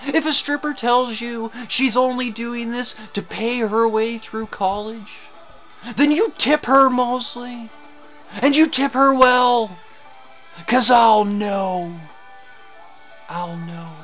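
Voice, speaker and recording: A man's voice: very high voice, fairly even intonation, slow, pushed and bright, faint music behind, exaggerated voice. A man voicing a hard-drinking, brash male pasta deity who talks with exasperated swagger. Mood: preachy.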